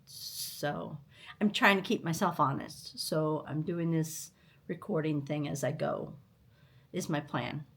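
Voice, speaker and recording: An older woman hosting a stitching vlog from home, chatting in a rambling, unhurried way while tired and recovering from illness. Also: sits low, creaky, husky. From United States. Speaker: stitching channel host. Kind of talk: casual vlog chat.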